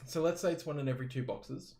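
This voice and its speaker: A man co-hosting a casual hobby podcast, talking in an animated way, swearing freely and wandering off on tangents. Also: a little high, fast talker. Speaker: podcast co-host. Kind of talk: casual chat. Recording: roomy echo.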